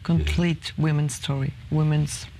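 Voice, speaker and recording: A man's voice: fairly high pitch, little pitch movement, unhurried, vocal fry, darkish tone, a little hiss or hum. A man who acts in films, reflecting gratefully on his career in an interview. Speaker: film actor. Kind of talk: interview answer.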